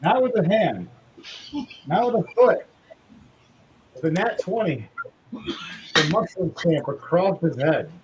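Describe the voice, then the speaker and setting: A man's voice: high voice, big pitch swings. Playful man narrating a tabletop game. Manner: playful, bawdy narration with quick put-on quotes. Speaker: game master. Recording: dull lo-fi mic with faint noise.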